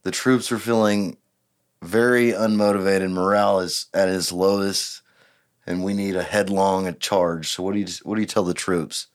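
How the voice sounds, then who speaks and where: A man's voice: low-pitched, fairly even intonation, normal speed. A young man hosting a casual podcast chat, joking and teasing with a rambling, offhand delivery. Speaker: podcast host.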